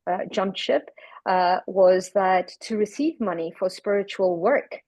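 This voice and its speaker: Brief: woman from the UK, podcast guest, warm-up chatty and reflective, mid-pitched, recorded dry and close. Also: a little slow, no room sound, low-quality recording. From United Kingdom. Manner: animated, reflective, repeats words. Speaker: podcast guest, spiritual practitioner. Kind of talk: casual podcast conversation.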